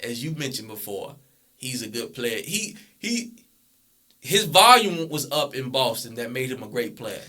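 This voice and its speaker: Young male co-host, bright voice, steady, reasoned sports talk. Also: mid-range voice, unhurried. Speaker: podcast co-host. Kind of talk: casual sports debate.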